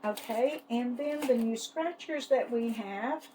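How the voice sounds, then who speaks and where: A woman chatting casually as she shows off her savings challenges, fond and unhurried, with lots of little fillers. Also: on the high side, warm tone, slight background noise, poor audio. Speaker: savings challenge seller and vlogger. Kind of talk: casual product show-and-tell.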